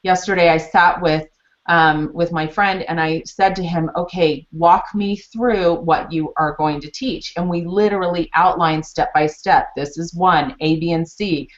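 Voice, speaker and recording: A woman with a fairly low voice leads a teaching webinar, walking through steps in an unhurried, chatty way full of animated retellings and stories. The webinar audio is muffled and lo-fi.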